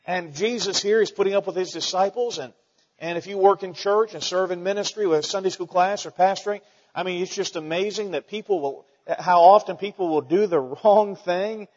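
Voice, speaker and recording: A man's voice: sits high, muffled recording. Folksy preacher man in echoey hall. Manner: folksy, animated preaching with rhetorical questions. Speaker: pastor. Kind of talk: sermon.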